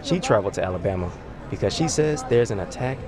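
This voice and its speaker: A man reading a scripted news report from the field in a brisk broadcast manner. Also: lowish voice, expressive, a crowd in the background.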